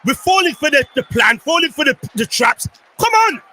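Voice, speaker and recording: Agitated high-voiced man shouting at a match. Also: lively intonation, a little fast, background noise. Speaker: fan stream co-host. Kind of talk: live match watchalong chat.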